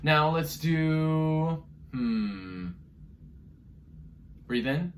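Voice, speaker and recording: Male children's music teacher, unhurried and animated, recorded a little off-mic. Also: on the high side, recorded from a distance, a little hiss or hum. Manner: encouraging, leads vocal warm-ups and owl sounds. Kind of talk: online music lesson for children.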